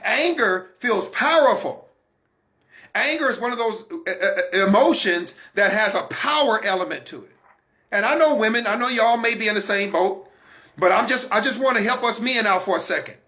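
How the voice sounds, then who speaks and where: A man's voice: sits high, lively intonation, normal speed, sharp tone. A man giving a Christian teaching talk, emphatic and repetitive, coaching his listeners directly. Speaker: broadcast minister.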